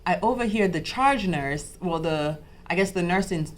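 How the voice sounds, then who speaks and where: A woman's voice: lowish voice, animated, moderate pace. A young adult woman, a podcast host, casually telling her own birth story with many fillers and restarts, acting out the conversations she had.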